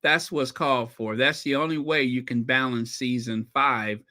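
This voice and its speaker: A man hosting a casual commentary channel, animated and opinionated, reacting to viewer comments. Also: mid-range voice, moderate pace. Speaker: channel host.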